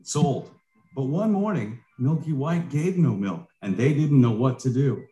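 A man's voice: medium pitch, unhurried, reverberant, natural voice. A man narrating a children's audiobook fairy tale in a storybook reading voice. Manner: storybook reading with lively rise and fall.

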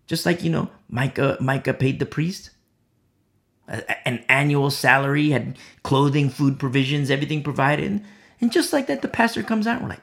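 A preacher delivering an animated sermon, driving points home with emphatic repetition and acting out the people in the story. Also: medium pitch, normal speed, creaky. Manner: acts out quoted voices.

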